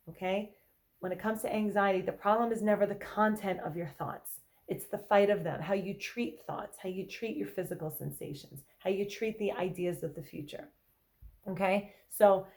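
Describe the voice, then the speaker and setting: A woman's voice: mid-range voice, darkish tone. Woman therapist in casual conversational talk. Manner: conversational, checks in with "okay?" and "right?"; acts out anxious inner thoughts in quotes. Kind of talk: casual explanatory talk to viewers.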